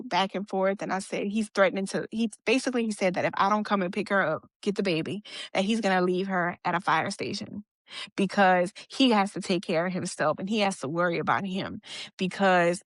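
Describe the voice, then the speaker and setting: A woman's voice: medium pitch, a little fast, no room sound, studio quality. A young woman guest on a podcast, telling a personal story in a casual conversational way and quoting what others said. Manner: conversational, retelling events with quoted dialogue and fillers. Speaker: guest sharing her story.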